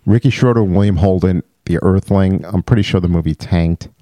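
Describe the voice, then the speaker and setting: A man with a lowish voice co-hosts a casual movie podcast. He is animated and keeps jumping into quoted lines and impressions. The sound is close and dry. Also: a little fast, no echo. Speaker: podcast co-host. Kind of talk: casual chat about movies.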